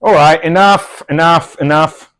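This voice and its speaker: A middle-aged man, trading scripted comic banter in a mock-earnest, deadpan, sweary way. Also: on the high side, a little slow. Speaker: comedy double act host.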